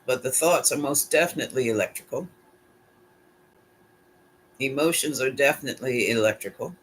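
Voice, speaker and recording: A man's voice: mid-range voice, normal speed, a bit bright, slight background noise. A man giving a casual solo tarot reading, musing aloud and putting questions to his pendulum. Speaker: tarot reader.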